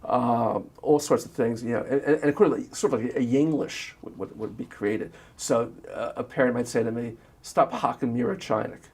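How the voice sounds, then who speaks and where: An older man and former teacher, recalling family memories in an oral history interview with a reflective, anecdotal manner that trails off softly. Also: mid-range voice, moderate pace, hardly any pauses, husky.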